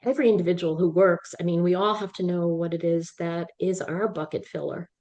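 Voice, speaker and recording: A woman's voice: lowish voice, steady tone, fairly quick, a little mellow. A woman psychologist, a guest on a podcast, tells an earnest story and acts out the people in it. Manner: earnest, quotes people vividly.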